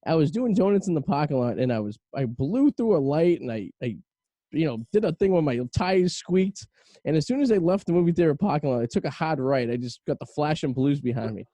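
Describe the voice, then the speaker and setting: A man hosting a casual podcast, his voice mellow yet fairly high and swinging widely in pitch. He tells stories with animation, acting out the people in them. The sound is close and dry. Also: dry recording. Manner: animated storyteller acting out quotes. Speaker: podcast host. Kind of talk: casual chat.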